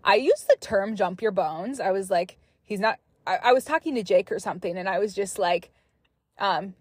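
Chatty young woman, husky and dry. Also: mid-range voice, brisk, dry recording. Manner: chatty, animated asides and laughs. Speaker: podcast host. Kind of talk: reading and reacting to listener stories.

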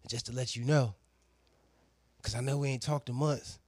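A man, a barber, casually telling a crude story with lots of slang and voiced quotes, animated and loud at times. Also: mid-range voice, moderate pace, slightly rough, dry recording.

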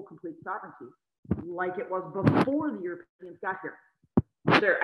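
Bright, chatty woman teaching history. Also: on the low side, echoey room, rough recording. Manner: animated and chatty, with lots of asides and tag questions. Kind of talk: online exam review lesson.

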